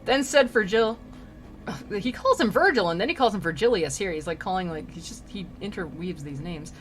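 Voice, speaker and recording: A woman's voice: medium pitch, lively intonation, a little fast, a little hiss or hum. A young woman streamer reading a classic poem aloud and riffing on it in casual slang while doing a craft, with frequent laughs. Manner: chatty, paraphrases in modern slang, laughs often. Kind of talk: casual read-aloud with commentary.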